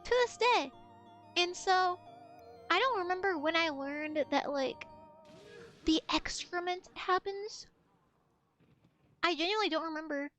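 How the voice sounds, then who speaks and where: A young woman with a very high, girlish voice chats on her stream and tells a crude, animated story. She acts out the people she quotes and bursts into louder exclamations. Faint music plays behind her. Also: unhurried, pauses often. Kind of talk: casual stream chat, storytelling.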